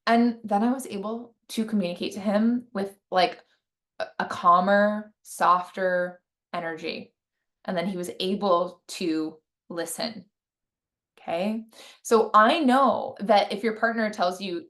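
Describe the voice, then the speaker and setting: Woman, relationship coach, casual teaching, conversational, filler-heavy, tag questions, medium pitch. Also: lively intonation, measured pace.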